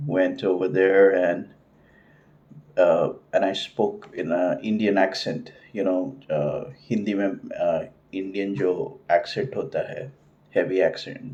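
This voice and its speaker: A man's voice: low-pitched, a little mellow, highs cut off. A middle-aged man talking casually to camera, rambling with lots of fillers and restarts. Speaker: vlogger.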